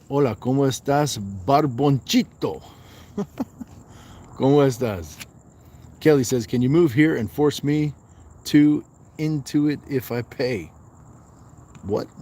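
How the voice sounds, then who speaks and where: Outdoors at night, a man hosting a fitness livestream rests during a walk and chats casually, reading viewer comments aloud. His voice is mid-range and warm.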